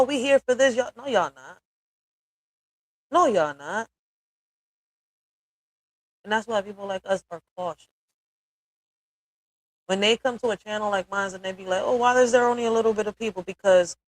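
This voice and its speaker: A woman's voice: lowish voice, no echo, rough recording. Blunt, profane woman live streamer. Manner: blunt and profane, repeats "all right?"; emphatic, builds to forceful peaks. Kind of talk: emotional live stream commentary.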